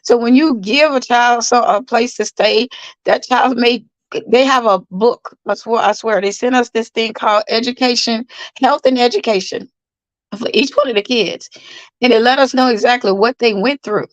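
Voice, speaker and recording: A woman's voice: a little high, normal speed, dry recording, lo-fi sound. A middle-aged woman, hosting a casual livestream from her bed, tired, chatty, repeating herself and greeting viewers by name. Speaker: livestream host. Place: in bed at home.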